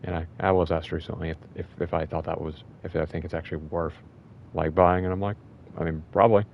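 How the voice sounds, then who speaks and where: A man with a lowish voice chatting about games in a rambling, excitable way, tripping over his words and laughing often. The recording is dull and lo-fi, as if from a cheap mic. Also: quick pace, slight background noise. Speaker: podcast co-host. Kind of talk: casual gaming chat.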